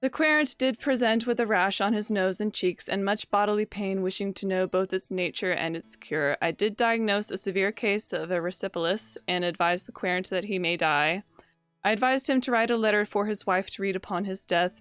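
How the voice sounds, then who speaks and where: A woman's voice: medium pitch, normal speed, fairly bright tone, smooth, no echo, faint music behind. A woman doing casual gameplay commentary, wryly reading game text aloud. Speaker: game streamer.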